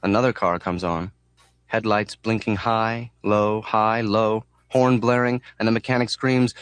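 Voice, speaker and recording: Low-voiced man narrating an audiobook. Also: steady tone, unhurried, clear, resonant tone, no echo.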